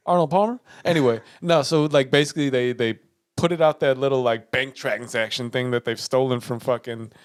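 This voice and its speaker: A man's voice: medium pitch, fairly even intonation, moderate pace. A young man co-hosting a podcast, telling a story in casual, profane chat and acting out the dialogue. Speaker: podcast co-host.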